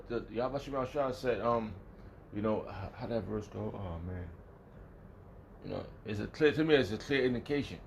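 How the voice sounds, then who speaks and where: A man giving a casual Bible study talk, rambling and restarting often, emphatic and profane, with sudden loud angry outbursts. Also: medium pitch, muffled recording, a little hiss or hum. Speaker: religious teacher.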